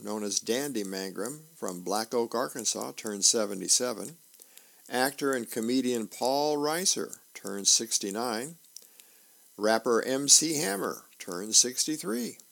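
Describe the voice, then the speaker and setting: A man, a volunteer reader, reading newspaper comics aloud in an unhurried, folksy way. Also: lowish voice, vocal fry, a bit bright.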